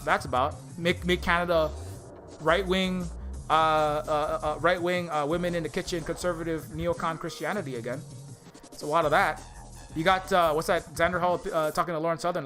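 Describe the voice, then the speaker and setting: A man's voice: high voice, fast, bright, forceful tone, soft background music. A man on a live stream giving an impassioned, rambling political rant, full of fillers and restarts. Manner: slips into mocking impressions of others. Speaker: indie game developer streaming live.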